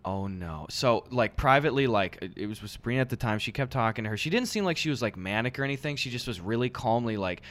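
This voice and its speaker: A man co-hosting a podcast, talking in loose, casual chat at a middling pitch. He swears freely and tells stories by acting out what people said, sometimes shouting the lines. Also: lively intonation, fast, hardly any pauses. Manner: swears freely and acts out quotes in a raised, shouting voice. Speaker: podcast co-host.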